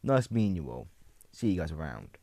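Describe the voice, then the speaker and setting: A man voicing a confident young male hero in an armor suit, speaking low and calm. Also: brisk, creaky, full character voice. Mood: cocky.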